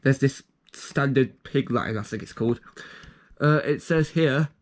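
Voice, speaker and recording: A young man with a medium-pitched, slightly slow voice casually reads out his own joke documents. His commentary rambles and trails off, dotted with self-aware asides.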